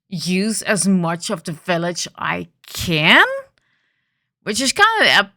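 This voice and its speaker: A woman's voice: fairly low pitch, sharp tone, no echo, clean studio sound. A woman with a morning voice casually commenting on her gameplay, thinking aloud with frequent ums and restarts. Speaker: gaming video host.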